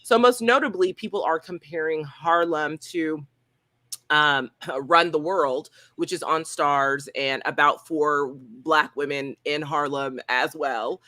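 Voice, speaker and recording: A woman reviewing a TV series on a casual roundtable, talking in an animated, slangy way and laughing often. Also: low voice, takes it slowly, dry recording. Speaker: film and TV critic.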